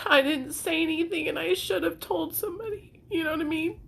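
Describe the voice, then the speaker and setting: Young woman, high voice, crying through an earnest personal vlog. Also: moderate pace, creaky, fairly bright tone, a little hiss or hum. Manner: tearful, earnest, pleading. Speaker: content creator sharing recovery story.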